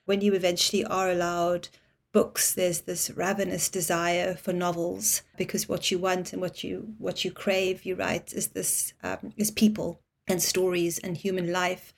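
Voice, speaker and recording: A woman hosting an interview, speaking in a measured, thoughtful way and building long reflective questions for her guest. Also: lowish voice, level tone, creaky. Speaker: podcast host interviewing a guest.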